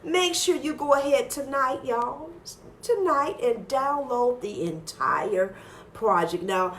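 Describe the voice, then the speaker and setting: A woman hosting a live radio interview, upbeat and repeating phrases for emphasis as she reads out listener shout-outs. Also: fairly high pitch, slow pace, a little hiss or hum. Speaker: radio show host.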